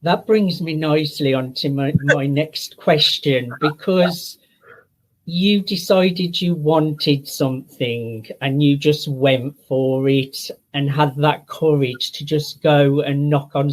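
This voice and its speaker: A man hosting an interview, asking questions in a measured, encouraging way. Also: fairly high pitch, steady tone, rough recording. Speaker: interviewer, host.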